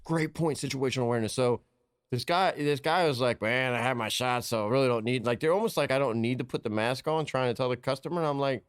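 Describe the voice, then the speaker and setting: A man's voice: medium pitch, fast, smooth, dry recording, clean studio sound. A man hosting a casual podcast chat about sales, plainspoken and coaching, driving home his key points.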